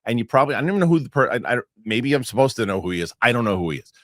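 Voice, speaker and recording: Animated man rambling on a podcast. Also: medium pitch, very fast, dry recording, studio quality. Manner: animated rambling storyteller with many restarts. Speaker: podcast host. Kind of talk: casual podcast chat.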